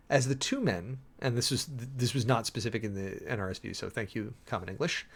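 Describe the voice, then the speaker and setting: A preacher reads scripture aloud and breaks off into loose, self-interrupting asides. He is a man with a gravelly edge to his mid-pitched voice, and he sounds like he is working out his sermon as he goes. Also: brisk, few pauses. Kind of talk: casual sermon preparation, reading scripture aloud.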